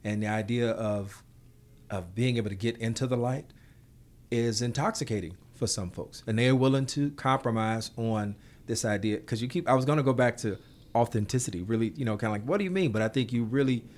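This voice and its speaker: A man interviewing an artist, framing his questions thoughtfully with many pauses and fillers. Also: medium pitch, fairly even intonation, darkish tone. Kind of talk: conversational interview.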